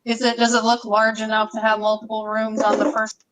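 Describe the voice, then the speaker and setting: A woman's voice: fairly high pitch, monotone, a little fast, a bit bright, a little hiss or hum, rough recording. A woman player in a tabletop game, asking careful questions about the scene. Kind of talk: casual tabletop play.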